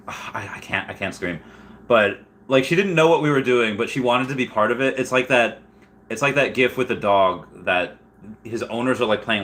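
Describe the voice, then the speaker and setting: A man casually reading live chat and rambling about collectibles, animated and quick to laugh. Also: lowish voice, slight background noise.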